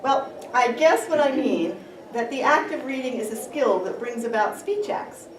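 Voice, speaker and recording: A woman's voice: a little high, animated, moderate pace. A woman performing reader's theater, reading a scripted dialogue with a questioning manner in a conference room. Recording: echoey room from far off, noisy.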